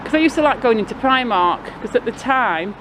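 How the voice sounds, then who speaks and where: A woman's voice: fairly high pitch, expressive, brisk. A woman vlogging outdoors with a handheld camera, rambling through a casual story. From Blackpool, England. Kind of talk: casual walking vlog narration. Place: outdoors on a busy town street. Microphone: handheld camera mic. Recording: street noise behind.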